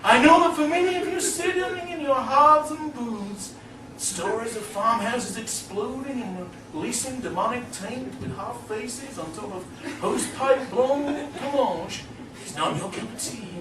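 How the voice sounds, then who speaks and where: A man's voice: extremely high pitch, lively intonation, measured pace, pitched above the performer's own voice. A man voicing a pompous, self-righteous older professor who declaims. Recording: echoey hall, distant mic, noisy.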